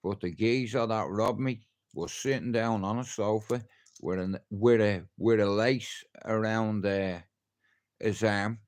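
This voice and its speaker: Dublin fella, deep low voice, telling a story on a stream and acting out all the people in it. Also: male voice, a little slow. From Ireland. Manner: animated, acts out the people in his story. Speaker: livestream host. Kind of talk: casual storytelling.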